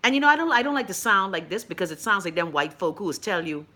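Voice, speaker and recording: A Bahamian woman hosting a call-in show, ranting bluntly and profanely, swinging between loud outbursts and low mutters. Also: big pitch swings, fast talker. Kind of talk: blunt profane live-stream rant.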